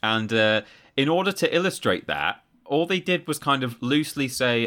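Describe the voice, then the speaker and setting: A man's voice: mid-range voice, expressive, moderate pace, sharp tone. A man co-hosting a podcast, telling candid stories and laughing along. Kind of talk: casual chat.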